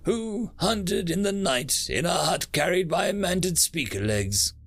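Man voicing bulky cyborg, booming and deliberate, gravelly, swinging pitch. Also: animated, a bit bright, faint music behind, heavily acted. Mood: solemn. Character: bulky crude male mining cyborg, loyal and blunt.

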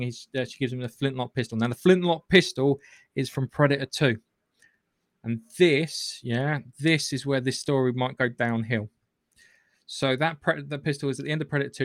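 In a clean studio recording without echo, a medium-pitched man hosts a podcast, loosely retelling a film. His casual recap is rambling, profane, and full of restarts.

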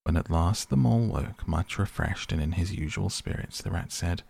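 Male storybook narrator, very low and gravelly, husky, dry close sound. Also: moderate pace, hardly any pauses, darkish tone, dry recording. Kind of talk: storybook reading.

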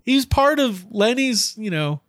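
A man's voice: very high voice, sing-song, a little slow, a bit bright, dry recording, studio quality. A man guest co-hosting a podcast, talking enthusiastically in a rambling, casual way. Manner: enthusiastic, rambling, restarts mid-thought. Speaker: guest co-host. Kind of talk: casual chat.

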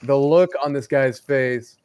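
A man co-hosting a podcast, telling a story in a laid-back, drawn-out way. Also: medium pitch, darkish tone, a little hiss or hum. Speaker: podcast co-host. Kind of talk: casual podcast chat.

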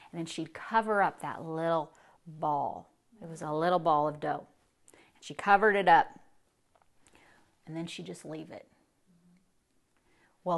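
A woman pastor delivering a sermon, telling a story in a voice that drops low and then rises with emphasis. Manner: storytelling preacher, swings from hushed to emphatic.

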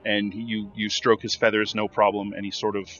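A man's voice: fairly low pitch, completely flat delivery, normal speed, fairly bright tone, lo-fi sound, faint music behind. Man narrating as game master. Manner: descriptive, filler-heavy narration.

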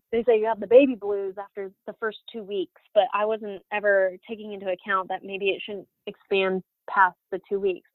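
A woman's voice: medium pitch, no echo. A woman in her thirties telling her personal story as an interview guest, candid, with many fillers and restarts. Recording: dry, phone-like audio.

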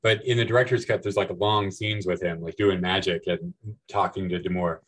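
A man appears as a guest on a podcast, chatting loosely about films in a rambling, filler-heavy manner. His voice sits low with fairly even intonation and a moderate pace, though the audio quality is poor.

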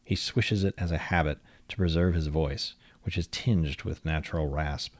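A man reading a long-form magazine feature aloud in a measured, literary storytelling manner. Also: a bass voice, no room sound. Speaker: narrator.

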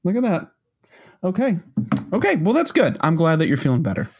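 Lively rambling podcast co-host. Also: male voice, on the high side, brisk, breathy edge. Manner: rambling, restarts often, laughs easily. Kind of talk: casual chat.

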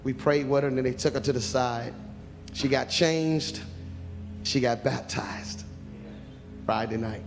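A man preaching a sermon who swings from hushed pleading to loud cries, prays aloud and tells stories from his ministry. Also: mid-range voice, steady tone, a little slow, pauses often, big-room sound, music in the background.

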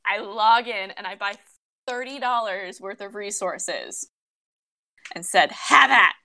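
Bright-voiced woman ranting animatedly. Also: medium pitch, slow. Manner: animated, exasperated ranting with swearing. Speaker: podcast co-host. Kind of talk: casual chat among friends about a mobile game.

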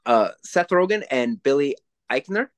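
A man in his forties co-hosting a podcast, chatting casually and telling profane, animated stories. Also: fairly high pitch, normal speed, clear, resonant tone, no room sound. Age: 40s. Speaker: podcast co-host. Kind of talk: casual chat.

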